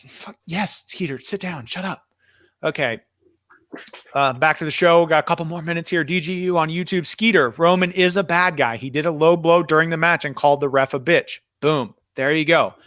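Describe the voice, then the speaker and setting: A man's voice: fairly high pitch, moderate pace, a bit bright, dry recording, studio quality, lightly acted. A man playing a blustering, domineering wrestling heel who hosts a show and bullies his sidekick. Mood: gloating. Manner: blustering and domineering, with many fillers. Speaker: host. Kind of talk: comedy wrestling sketch.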